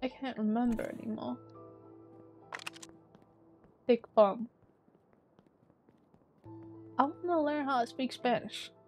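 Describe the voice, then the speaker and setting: A woman's voice: fairly high pitch, a little slow, a little mellow, faint music behind. Chatty woman streamer with a raised voice. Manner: chatty, swears at the game, bursts of exclamation. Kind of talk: casual gaming commentary.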